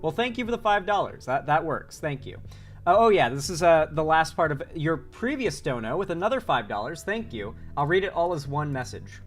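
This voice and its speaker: A man's voice: fairly high pitch, brisk, soft background music. A man from Florida chatting casually on a live stream, rambling and swearing, with a sore throat. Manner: rambling, profane, excitable. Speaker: political commentary streamer.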